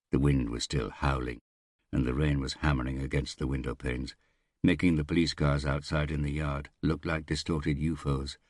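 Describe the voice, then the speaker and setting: A man reading a thriller audiobook aloud in a measured, unhurried way. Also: rumbling low, no room sound, studio quality. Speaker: audiobook narrator. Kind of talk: scripted thriller narration.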